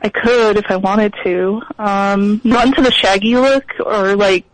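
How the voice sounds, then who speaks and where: A woman guest on a radio show, answering in a hesitant, shy way with many pauses. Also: mid-range voice, steady tone, dry recording, rough recording. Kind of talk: casual radio chat.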